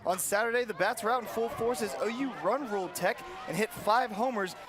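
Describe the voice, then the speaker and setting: A man's voice: sits high, fairly quick. A young man co-hosting a student sports show, rattling off stats with punchy enthusiasm. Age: young adult. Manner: enthusiastic, punchy stat delivery. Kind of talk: scripted sports news read.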